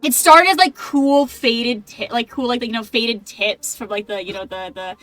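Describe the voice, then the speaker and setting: Woman running a tabletop game, bright voice, rambly with lots of likes and you knows. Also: a little high, moderate pace, no echo, faint music behind. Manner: rambling, filler-heavy. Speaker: game master.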